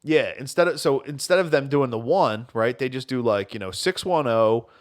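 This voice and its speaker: A man's voice: medium pitch, normal speed. A man telling prank-call stories on a podcast, swearing constantly and mocking himself. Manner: profane, animated, self-mocking. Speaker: podcast co-host. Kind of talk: casual chat, storytelling.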